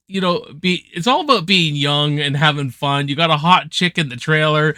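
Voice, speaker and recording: Bright-voiced excited man reviewing movies. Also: a little high, moderate pace, hardly any pauses, dry recording, clean studio sound. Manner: enthusiastic, swears freely, heavy slang. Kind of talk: casual film commentary.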